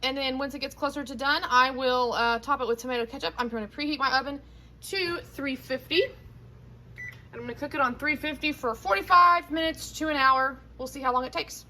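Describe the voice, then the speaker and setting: Cooking dinner at home, a woman chats casually into her handheld phone camera, rambling and catching her own mistakes as she talks. Her high voice sounds pushed and bright at a normal speed, with slight background noise.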